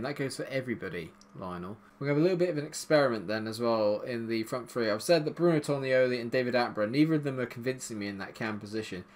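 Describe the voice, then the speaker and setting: A young man commentating his own football video game, calm between plays and shouting when goals go in. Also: medium pitch. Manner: excitable, shouts at goals, dry jokes. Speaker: gaming YouTuber. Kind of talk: gameplay commentary.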